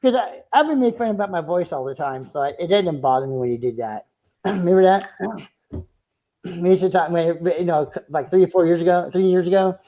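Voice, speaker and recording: A man's voice: sits high, brisk, lo-fi sound. A man in his forties chatting as a guest on a video call, tipsy and rambling, swearing often. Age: 40s. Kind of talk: casual chat.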